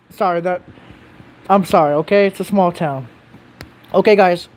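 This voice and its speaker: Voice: mid-range voice, normal speed, a little mellow. Rambling livestreamer chatting with viewers. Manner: rambling, self-correcting, reads viewer comments aloud; blunt, swears casually. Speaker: live streamer answering viewer chat. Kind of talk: casual livestream chat.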